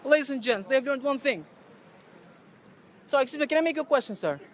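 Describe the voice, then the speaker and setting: High-pitched man ranting fast on a street. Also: lively intonation, slight background noise. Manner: loud, accusatory, repetitive ranting; non-native phrasing. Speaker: activist street vlogger confronting staff. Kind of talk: livestreamed street rant to camera. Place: outdoors on a city street by a building entrance. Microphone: handheld camera or phone he speaks into.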